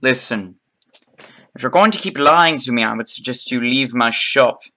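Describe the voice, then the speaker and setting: A fed-up shopkeeper, voiced by a man running the game, snaps out a warning in a bright, sharp tone. He talks quickly and plainly. Everything about him says he is done with excuses. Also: mid-range voice. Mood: stern. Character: stern male shopkeeper fed up with lies.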